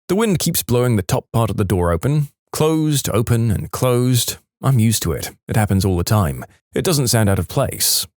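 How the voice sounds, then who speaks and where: A man's voice: on the low side, darkish tone, no room sound, studio quality. A man narrating reader-submitted stories in a dramatic storytelling manner, with wry asides. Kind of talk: scripted narration of reddit stories.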